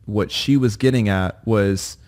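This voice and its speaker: A man's voice: lowish voice, a little slow, a little mellow. A man co-hosting a podcast, telling stories in a playful, teasing way and laughing often. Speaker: podcast co-host. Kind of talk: casual chat.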